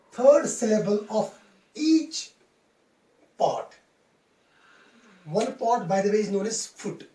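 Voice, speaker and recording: A man lectures a class on poetry in a high voice, taking his time and going over each point twice. He sounds set back from the mic, and the room adds a clear echo. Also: a little mellow, distant mic. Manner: slow, deliberate, repeats phrases while explaining. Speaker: English teacher.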